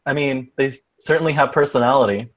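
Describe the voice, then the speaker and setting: A man's voice: mid-range voice, fairly quick, dull audio, background noise. A man playing a tabletop game who talks in a cheerful, giggly way. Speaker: player. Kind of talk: tabletop role-play.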